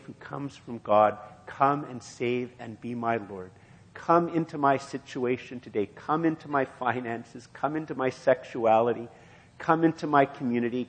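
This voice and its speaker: A man preaching a sermon and reading scripture aloud, in an earnest, repetitive preaching cadence. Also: mid-range voice. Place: church. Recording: long hall reverb.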